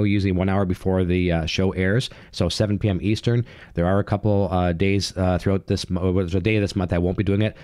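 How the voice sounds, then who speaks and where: A man's voice: low-pitched, warm tone, no echo, clean studio sound. A man hosting his own channel, giving an enthusiastic, rambling recap full of fillers and restarts. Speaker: channel host. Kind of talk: casual TV recap monologue.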